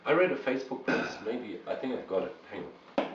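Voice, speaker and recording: A man co-hosting a casual chat over beers, animated and swearing freely. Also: mid-range voice, a little fast, background noise. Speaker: podcast co-host. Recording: roomy, distant, dull home recording.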